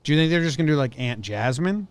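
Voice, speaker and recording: A man's voice: a little high, expressive, fast, no room sound. A man co-hosting a podcast in a studio, chatting casually with a blunt, joking manner and acting out little scenes. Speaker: podcast co-host. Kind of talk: casual chat.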